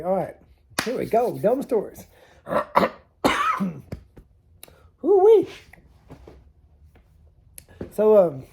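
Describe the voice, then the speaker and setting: A man's voice: fairly high pitch, gravelly, warm tone, slightly rough. A man rambling through funny stories to camera in a casual vlog, laughing at himself. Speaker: storytelling vlogger. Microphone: camera mic on a tilting setup.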